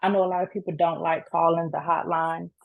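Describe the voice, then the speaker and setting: Young woman telling her story, faith-filled and earnest, kinda low and gravelly. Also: little pitch movement, brisk, no echo, narrow, tinny audio. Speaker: author sharing her story. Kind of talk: emotional personal testimony.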